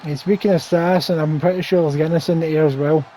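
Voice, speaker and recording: A man's voice: on the high side, steady tone, fast, warm tone, a little hiss or hum, low-quality recording. A man doing play-by-play commentary over a wrestling video game, with wry, teasing banter.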